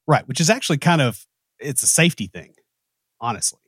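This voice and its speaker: A man's voice: medium pitch, lively intonation, a little fast, fairly bright tone, slightly rough, no echo. A man with a Southern US accent, co-hosting a casual technical talk with dry joking asides. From American South. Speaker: podcast co-host.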